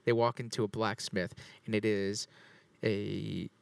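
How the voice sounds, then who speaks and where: A man's voice: on the low side, little pitch movement, a little slow, creaky, smooth, no echo. A man in a casual podcast chat, eager and hesitant, full of fillers.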